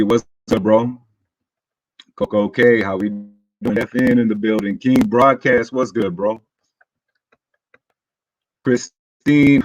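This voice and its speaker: A man hosting a casual livestream, greeting his chat with hype and friendly shout-outs before talking loosely through a walkthrough in his morning voice. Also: on the low side, lo-fi sound. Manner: laid-back, loose and rambling. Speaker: crypto livestream host.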